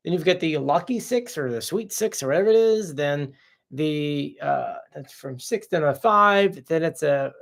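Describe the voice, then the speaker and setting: A man's voice: sits high, vocal fry. A man hosting a casual live stream, chatting off the cuff as he reads out viewer comments and answers them.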